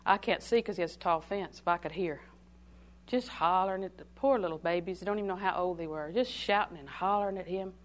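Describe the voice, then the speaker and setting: Older lady preaching, call and response, goes loud then real quiet. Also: lowish voice, fast. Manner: call-and-response, dramatic swings from loud to hushed. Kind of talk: sermon.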